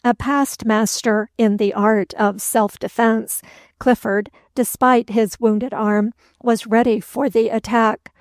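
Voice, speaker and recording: Slow, even-toned woman narrating. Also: on the high side, no echo. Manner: measured, even storytelling. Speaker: audiobook narrator. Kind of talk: scripted narration of a classic novel.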